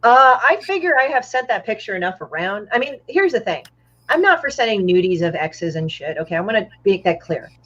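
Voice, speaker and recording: A woman's voice: mid-range voice, sing-song, fairly quick, a bit bright, lo-fi sound. A woman guest telling stories in casual chat, blunt and profane, over a video call. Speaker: guest comic artist.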